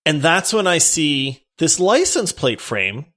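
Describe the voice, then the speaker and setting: A man co-hosting a podcast, telling a story in an animated way, laughing and breaking into near-shouts. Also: fairly high pitch, takes it slowly. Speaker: podcast co-host.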